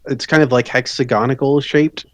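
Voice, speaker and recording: A man narrating as game master of a tabletop game, often pausing and restarting mid-sentence. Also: mid-range voice, fairly even intonation, no echo. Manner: halting, with fillers and restarts.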